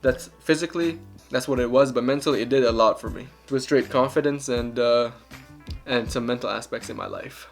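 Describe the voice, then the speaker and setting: A man's voice: medium pitch, a little fast, gravelly, over music. A young man answering fan questions in a casual, candid, joking vlog. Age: young adult. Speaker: vlogger.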